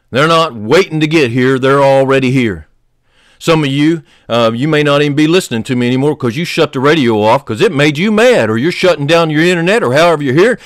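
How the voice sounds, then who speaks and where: A man preaching a sermon as pastor, fervently, rising loud on key points and dropping low and soft. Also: dry recording, studio quality. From United States.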